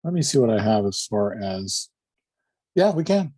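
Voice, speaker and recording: A man's voice: on the low side, sing-song, moderate pace, dark tone, breathy edge. A man hosting a podcast interview, mostly giving short replies and asking questions. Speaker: podcast host. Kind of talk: casual interview.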